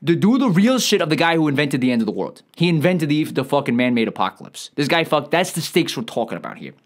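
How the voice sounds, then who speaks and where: A man tears into a film in a quick, swooping comic rant. His voice jumps high and drops low as he piles on profanity. He sounds rambling and exasperated throughout. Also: very animated. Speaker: comedic ranting reviewer. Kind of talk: comedic movie rant.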